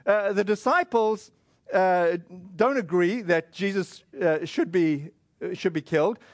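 New preacher guy, high voice, chatty sermon w lots of "like" and "you know". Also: no room sound. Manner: conversational, many fillers and quick acted asides. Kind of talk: casual sermon retelling scripture.

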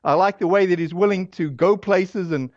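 High-voiced man preaching casually. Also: moderate pace, no room sound. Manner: casual and animated, acts out quoted voices, many fillers. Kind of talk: conversational sermon. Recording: dry, dull lo-fi audio.

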